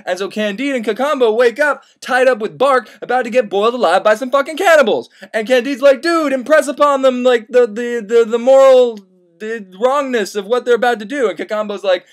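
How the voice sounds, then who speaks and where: A young man retelling a classic story as comedy in a rambling, profane, excitable way. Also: very high-pitched, brisk. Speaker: host.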